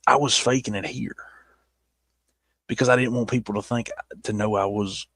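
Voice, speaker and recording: Southern male vlogger, rambling and self-mocking, low husky voice, dry close mic. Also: steady tone, normal speed, fairly bright tone, no room sound. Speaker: YouTuber reviewing his old videos. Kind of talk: casual chat.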